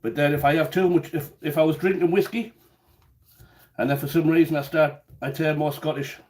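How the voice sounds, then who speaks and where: A man's voice: on the high side, fairly even intonation, fairly quick, a little mellow. A man chatting casually in his home kitchen during a live cooking stream, rambling and often repeating words as he goes.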